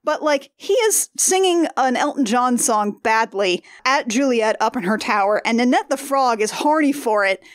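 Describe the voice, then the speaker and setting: A woman talks through a movie plot in loose, rambling podcast chat. Her voice sits a touch high, and it comes across close and dry with no room sound. She trips over her words, flusters, and slips in little laughing asides. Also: lively intonation, moderate pace, hardly any pauses, no room sound. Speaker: podcast co-host. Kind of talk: casual movie recap chat.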